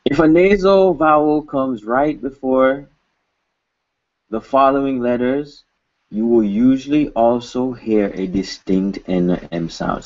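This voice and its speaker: A man teaching a recorded language lesson in an informal, joking way, saying example words slowly and more than once. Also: medium pitch, a little mellow, dull audio.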